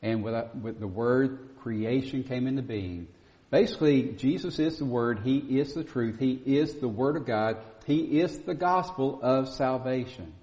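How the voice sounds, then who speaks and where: A man's voice: medium pitch, a little slow, warm tone. Male preacher, emphatic and repetitive in delivery, heard in a dull recording. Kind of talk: sermon. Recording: dull sound with long reverb.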